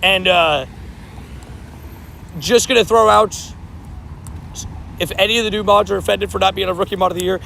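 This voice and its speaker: A man's voice: high voice, steady tone, normal speed, gravelly, pauses often, sharp tone. A man hosting a live stream outdoors near traffic, chatting casually and rambling while laughing easily with viewers.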